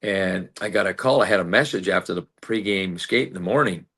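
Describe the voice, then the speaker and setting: A man in his sixties, once a player and later a team broadcaster, tells stories in an interview, his low, husky voice a bit bright and fairly quick. He leans on plenty of fillers and acts out the quotes.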